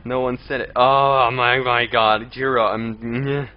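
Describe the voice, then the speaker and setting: This young streamer talks slowly in a mid-range voice with little pitch movement as he plays live. He chats, reads out and responds to viewer messages, and grumbles in exasperated bursts at enemies, all on dull lo-fi audio with faint game music.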